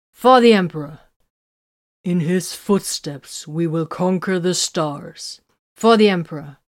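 Brief: woman reading a stern male war leader, firm and low-pitched, storybook style. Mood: chanting. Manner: firm, loud chanting in the oath. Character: male space-marine commander, firm, commanding.

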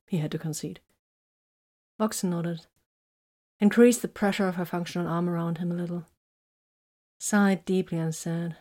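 A woman narrating a romantic story in a soft, intimate, often whispered reading. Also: fairly low pitch, steady tone, moderate pace, long pauses.

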